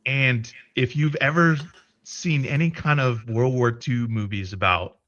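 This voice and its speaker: A man's voice: medium pitch, a little slow, no echo, highs cut off. A man telling a story in a casual livestream chat, cursing freely and restarting his sentences as he goes. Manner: profane, animated retelling with many restarts. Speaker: podcast co-host.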